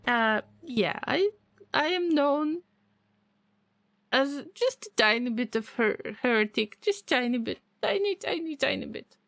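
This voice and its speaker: A woman with a fairly high voice streams a game and chats with her viewers, joking and teasing as she goes. Her pitch swings widely and she speaks slowly, drawing out her words. Faint music runs underneath. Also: expressive, fairly bright tone, dry recording. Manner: playful, teasing, answers chat messages with jokes. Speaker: gaming streamer. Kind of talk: casual live-stream chat while playing.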